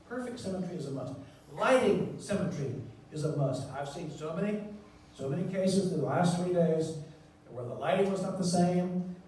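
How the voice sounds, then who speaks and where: A man giving a conference talk in a large lecture hall with a handheld mic, emphatic and repeating key words, swinging between loud and soft. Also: sits high, slight background noise. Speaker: surgeon lecturing on presenting. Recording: echoey hall from far off.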